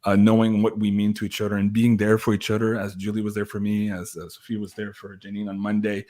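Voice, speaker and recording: Male host, low voice, emotional and halting, thanks his team. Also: monotone, mellow. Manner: emotional, grateful, halting with many uh fillers. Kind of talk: livestream talk.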